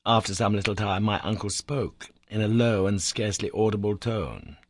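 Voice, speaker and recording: A man's voice: on the low side, moderate pace, breathy edge, dry recording, studio quality. A man reading a classic adventure novel aloud as first-person narration, telling it with dramatic emphasis. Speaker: audiobook reader.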